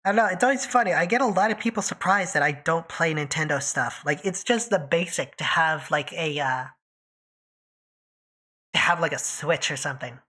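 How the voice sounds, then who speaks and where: A woman's voice: low-pitched, normal speed, pushed and bright. A woman streaming live, chatting casually and teasing her viewers by name while she draws.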